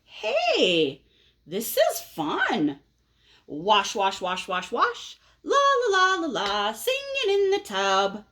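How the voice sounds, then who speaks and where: A woman's voice: mid-range voice, huge pitch swings, a bit bright, heavily acted. A woman voicing a stubborn, grumpy young male pigeon who drags out excuses in a storybook read-aloud. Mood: gleeful. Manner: whiny, drawn-out excuses.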